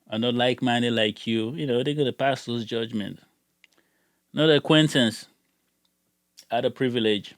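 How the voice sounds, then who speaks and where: A man's voice: medium pitch, no room sound. Heated rambling man with a dry sound. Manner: heated, rambling, repeats words when worked up. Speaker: gun channel YouTuber. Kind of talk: casual ranting vlog.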